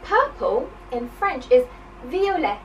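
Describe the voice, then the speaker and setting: A woman's voice: sits high, very animated, takes it slowly, distant mic, slight background noise, poor audio. A woman teaching a children's language lesson, encouraging and sing-song, with playful praise.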